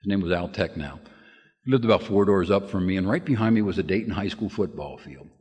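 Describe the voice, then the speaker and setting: A man's voice: sits low, fast talker, a little mellow. An older man giving a lead at a recovery meeting, a folksy storyteller who laughs and restarts his sentences often. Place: meeting room with audience. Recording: hall with long reverb.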